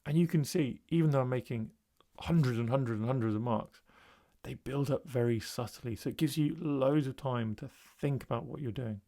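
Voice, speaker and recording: A man's voice: medium pitch, moderate pace. Male art tutor, mid-range voice, casual demo voice-over with fillers. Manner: relaxed, thinking aloud with fillers. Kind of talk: voice-over narrating a painting demo.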